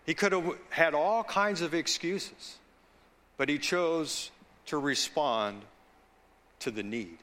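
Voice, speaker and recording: Bright-voiced slow-preaching man. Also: fairly high pitch. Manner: slow, deliberate preaching with asides and call-outs to the congregation. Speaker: pastor. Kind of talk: sermon.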